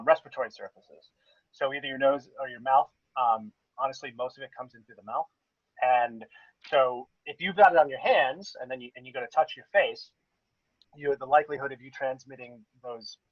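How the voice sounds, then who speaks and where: A man's voice: mid-range voice, no room sound, highs cut off. A man co-hosting a podcast, explaining things at length in casual chat with many restarts. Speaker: podcast co-host.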